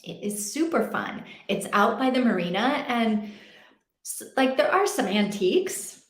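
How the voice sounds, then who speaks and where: A woman's voice: on the high side, lively intonation, a little slow. A young adult woman hosting a casual read-along stream from home, chatting in a rambling way and laughing often. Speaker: livestream host. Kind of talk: casual chat. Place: home in Portugal. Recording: roomy echo.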